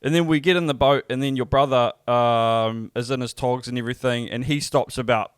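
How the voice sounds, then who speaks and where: A young New Zealand man co-hosting a podcast, telling a story in a relaxed, joking, sweary way. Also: medium pitch, brisk, clear, resonant tone, dry recording, clean studio sound. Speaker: podcast co-host. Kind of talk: casual storytelling chat.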